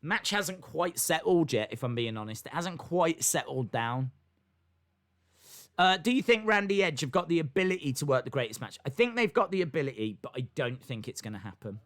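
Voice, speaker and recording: A man's voice: a little high, very animated, brisk, fairly bright tone. Man calling wrestling live. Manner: play-by-play calling, reads chat comments aloud. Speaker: wrestling stream host. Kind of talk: live watch-along commentary.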